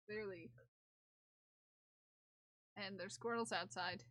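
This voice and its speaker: A young woman live streamer chatting casually to viewers and her cat, giggly and excitable, often laughing and squealing. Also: high voice, takes it slowly, no echo.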